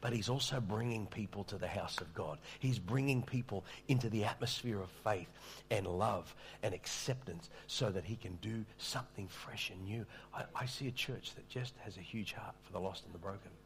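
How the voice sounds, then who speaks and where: A man's voice: lowish voice, normal speed, hardly any pauses, a little hiss or hum. A middle-aged man preaching a sermon, telling a story in a conversational, self-deprecating way with small stammers. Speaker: pastor.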